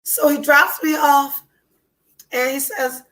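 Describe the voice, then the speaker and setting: A woman's voice: sits high, steady tone, slow, fairly bright tone, rough recording. A woman hosting a podcast, talking candidly and bluntly with frequent swearing, her nose stuffed up from a cold. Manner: blunt, profane, emotionally open. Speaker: podcast host.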